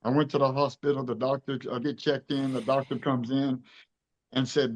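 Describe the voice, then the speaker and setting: A man's voice: medium pitch, little pitch movement, moderate pace, muffled recording. A man in his fifties from Louisiana, telling his story in an interview with earnest emotion and acting out the dialogue. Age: 50s. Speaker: truck show director being interviewed.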